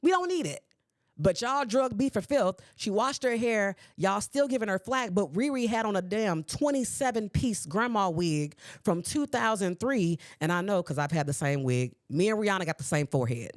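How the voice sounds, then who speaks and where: A woman in her forties hosting a podcast, ranting at her listeners in a sassy, animated way. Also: medium pitch, normal speed, hardly any pauses, dry recording, studio quality. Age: 40s. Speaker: podcast host. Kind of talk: solo podcast commentary. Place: podcast recording space.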